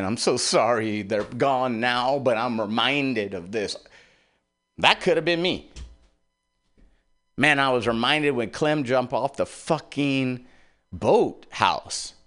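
A man's voice: on the low side, fairly bright tone. A middle-aged man hosting a radio show, rambling through a heartfelt personal monologue with plenty of swearing.

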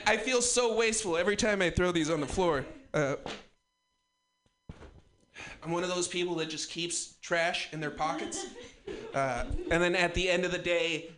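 A man's voice: high voice, a little slow, pushed and bright, slight background noise. A man in his twenties doing a rambling, profane, self-mocking stand-up routine. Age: 20s. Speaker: stand-up comedian.

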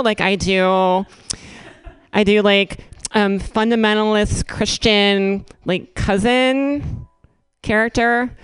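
A young woman spins a rambling, self-mocking comic story, tripping over her own fillers. Her voice is smooth and clear. It sits close and dry on the mic. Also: medium pitch, steady tone, takes it slowly, no room sound. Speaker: improv comedy performer. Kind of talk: storytelling stand-up improv.

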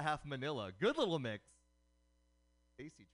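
A man doing a stand-up comedy set of quick puns, performed live for a radio show. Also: on the high side, big pitch swings, a bit bright. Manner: punning, quick joke delivery. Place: comedy night broadcast on radio.

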